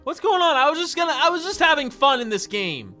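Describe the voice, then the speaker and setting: Lively, bright-voiced man gaming. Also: extremely high pitch, fast, soft background music. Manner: joking, sarcastic, excitable. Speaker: gaming YouTuber. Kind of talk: let's play commentary.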